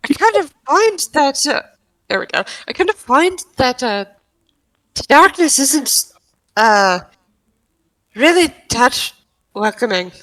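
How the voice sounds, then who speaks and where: A woman putting on a halting Irish-accented man. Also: high-pitched, big pitch swings, a bit bright, no room sound, heavily acted, low-quality recording. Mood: wary. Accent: Irish, put on. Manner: hesitant, halting with many fillers. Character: tall wary man Roderick, Irish-accented adventurer.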